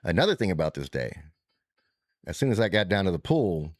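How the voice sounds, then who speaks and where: Guy, low voice, rambling cursing storyteller, dry close sound. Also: fairly quick, dry recording. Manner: rambling, animated, profane, restarts often. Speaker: podcast co-host telling a trip story. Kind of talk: casual storytelling chat.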